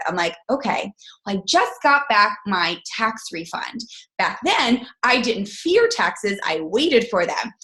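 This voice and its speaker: A woman's voice: a little high, a bit bright. A woman in her thirties telling a personal story as a guest speaker, acting out her own dialogue. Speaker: guest speaker on a team call. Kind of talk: storytelling talk on a conference call.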